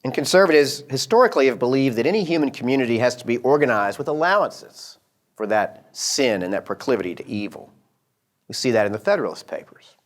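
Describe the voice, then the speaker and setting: A man giving a conference lecture in a measured, deliberate way, pausing with fillers. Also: mid-range voice.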